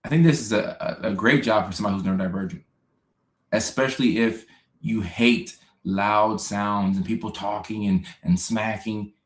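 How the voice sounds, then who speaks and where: A young man hosts a relaxed livestream and chats through viewer comments. He laughs often and repeats himself in a low voice. His voice carries a roomy echo. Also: moderate pace. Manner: chatty and laid-back, laughing often, repeating phrases. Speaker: host. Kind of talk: casual livestream chat reading viewer comments.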